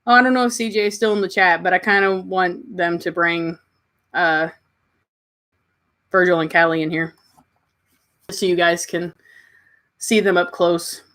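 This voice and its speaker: A woman's voice: lowish voice, steady tone, measured pace, long pauses. A woman with a Kentucky Southern accent, chatting casually on a livestream and answering her chat. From Kentucky, USA. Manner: chatty, answers chat comments warmly, coos at her pets. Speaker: livestream host.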